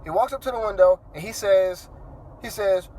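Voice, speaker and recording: A man's voice: high-pitched, normal speed, darkish tone, low-quality recording. A man telling an angry story to his phone camera from inside his car while driving, profane and stammering through restarts. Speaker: vlogger.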